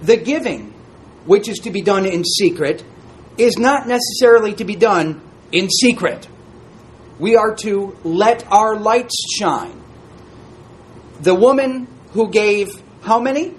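A man's voice: sits high, takes it slowly, slight background noise. A man teaching an interactive Bible class, reading scripture aloud and asking the group questions in a conversational way.

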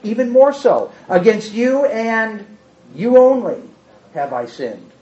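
Guy preaching a sermon, pretty high voice, acts out the quotes, muffled lo-fi recording. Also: slow. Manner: animated, acts out quotes with big swings in pitch and loudness.

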